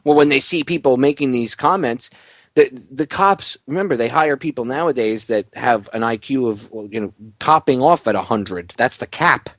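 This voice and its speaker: A man's voice: mid-range voice, expressive, moderate pace, no room sound. A man hosting a political talk radio show, ranting bluntly with heated sarcasm.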